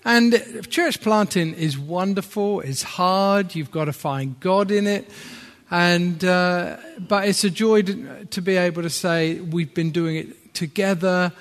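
A man's voice: sits high, slow pace. A middle-aged man with a northern English accent preaching a sermon, chatty and self-deprecating, with asides to the congregation. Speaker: visiting preacher. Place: church hall. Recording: long hall reverb.

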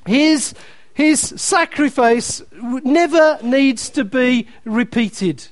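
A man's voice: extremely high pitch, takes it slowly, dry recording. A man preaching a sermon, emphatic and repeating key phrases, reading scripture aloud with playful asides to the congregation.

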